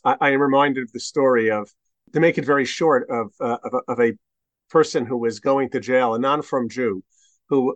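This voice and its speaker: A man, a rabbi guest on a podcast, speaks thoughtfully and often restarts his sentences mid-thought. His pitch is ordinary and middle. The sound is dry and close to the mic. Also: no room sound. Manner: thoughtful, halting with many restarts and fillers. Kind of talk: conversational discussion.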